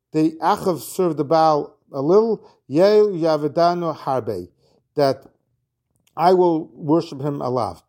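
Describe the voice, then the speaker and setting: Slightly high and a bit mellow, this man's voice leads a Talmud lesson as he translates Aramaic into English. He reads out each phrase and explains it, with some restarts along the way.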